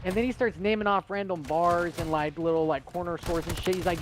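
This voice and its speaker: A man's voice: high voice, fairly quick, background noise. A young man from Texas, a streamer, telling rambling, profane stories in casual chat and laughing often.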